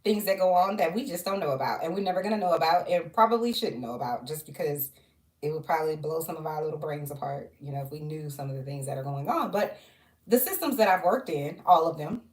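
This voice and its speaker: Chatty woman vlogging in an echoey room. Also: fairly low pitch. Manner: rambling, chatty, jumps between asides. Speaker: social worker and vlogger. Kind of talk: casual chat.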